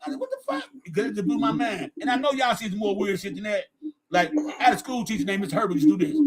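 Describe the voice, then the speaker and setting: A man hosting a podcast, telling loud, joking stories with lots of swearing. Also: high voice, racing, a crowd in the background, low-quality recording. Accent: Southern US. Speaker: podcast host. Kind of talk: casual profane chat.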